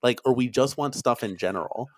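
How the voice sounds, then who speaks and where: A man from Wisconsin hosting a casual live-stream chat, talking in an excitable, rambling way with lots of fillers. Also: mid-range voice, a little fast, no room sound. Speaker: podcast host.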